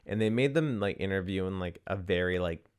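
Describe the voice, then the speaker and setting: A young man co-hosting a movie podcast chats casually in a low-pitched, brisk and smooth voice, rambling with lots of "like" and laughing often.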